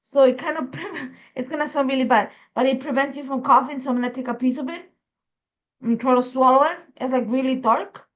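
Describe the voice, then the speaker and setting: A high-voiced woman from Ecuador with a Spanish accent talks through her crafting, rambling with plenty of fillers. Her throat is irritated and she is holding back a cough. The recording is dull and lo-fi. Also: brisk. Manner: chatty, rambling, many fillers. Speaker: crafting host. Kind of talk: casual crafting process video.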